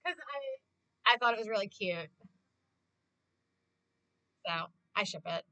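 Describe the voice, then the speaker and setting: Young woman rambling to her stream, tons of "like", crisp bright voice. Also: medium pitch, dry recording, highs cut off. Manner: gushing, fast, filled with "like". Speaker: livestreamer. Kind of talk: casual chat to stream viewers.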